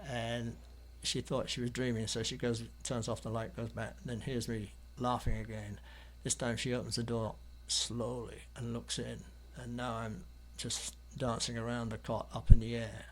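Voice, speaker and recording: A man's voice: mid-range voice, level tone, moderate pace, hardly any pauses, a little hiss or hum. An English man from London, an artist guest in an interview, telling stories in a rambling, hesitant way with many ums and restarts. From London, England. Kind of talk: anecdotal storytelling in an interview.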